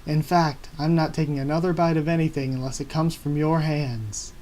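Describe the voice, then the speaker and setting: A stubborn young pirate captain, loyal to the bone, throwing out defiant lines in a mellow voice, as a man reads him aloud. The voice sits at a middle pitch, with a faint hiss behind it. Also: steady tone, moderate pace, close to an everyday voice.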